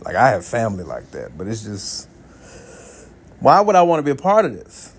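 A man's voice: lowish voice, moderate pace, husky. A man, likely in his thirties, hosting a solo podcast, telling casual stories with lots of swearing and laughter. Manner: animated storytelling, swears freely, laughs often, voices friends in quotes. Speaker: podcast host.

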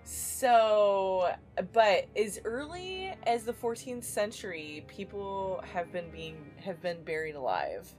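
A woman's voice: medium pitch, sing-song, slow, darkish tone, faint music behind. Giggly, chatty woman podcast host. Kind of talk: casual chat.

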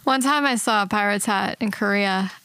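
A woman's voice: mid-range voice, normal speed, sharp tone, smooth, no echo. A woman co-hosting a podcast in casual chat, talking freely with lots of "like" and "um" and laughing easily, recorded in an upstairs room at home. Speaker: podcast co-host.

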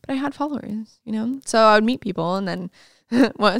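Bubbly laughing woman, smooth clear voice. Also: a little high, fast, fairly bright tone, dry recording, clean studio sound. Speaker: podcast guest, fitness coach. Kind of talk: casual interview chat.

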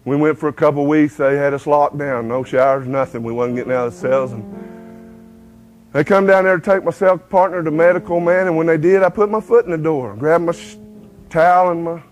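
High-voiced man preaching testimony. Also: a little fast, soft background music, low-quality recording. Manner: folksy storytelling, breaks into hymn lines. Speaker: preacher giving his testimony. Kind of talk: testimony sermon.

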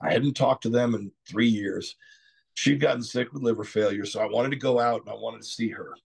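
A middle-aged man from Texas, a podcast guest telling his story candidly, rambling and clearing his throat often. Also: medium pitch, a little fast. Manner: frequent "you know" asides.

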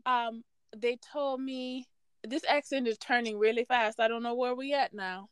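A woman's voice: on the high side, fairly even intonation, moderate pace, clean tone, no echo, close to an everyday voice. A woman voicing a bossy church lady who scolds a congregation member, attempting a wobbly British accent. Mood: scolding.

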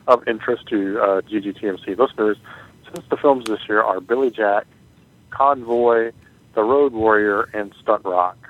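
A man from Florida leaving a chatty voicemail, listing upcoming events with plenty of ums. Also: on the low side. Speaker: voicemail caller. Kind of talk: casual voicemail plug. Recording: tinny phone-line voicemail.

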